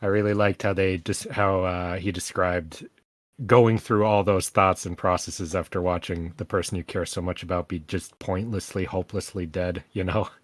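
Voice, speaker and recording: A man co-hosting a book podcast, talking in a calm, reflective way. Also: sits low, normal speed, no room sound. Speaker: podcast co-host. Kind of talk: casual book discussion and reading aloud.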